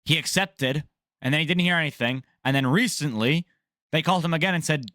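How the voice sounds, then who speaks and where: A man's voice: a little high, a little fast, sharp tone. A man hosting a sports news vlog, ranting casually in a blunt, jokey, profane way. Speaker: MMA news vlogger.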